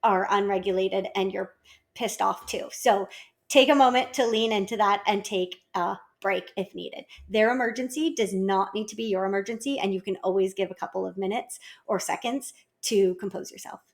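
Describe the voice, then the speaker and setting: A woman's voice: mid-range voice, normal speed. A woman in her thirties, a parenting consultant, giving an encouraging, direct and informal talk over slides.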